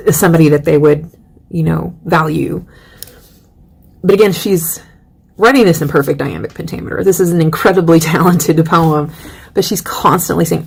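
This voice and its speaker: A woman lectures on a poet in a casual, talky way. Her voice sits a little low and carries a gravelly fry, and she slips into quick put-on voices when quoting. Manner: chatty, animated, acts out voices in quotes. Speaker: literature teacher. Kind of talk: recorded lecture on poetry.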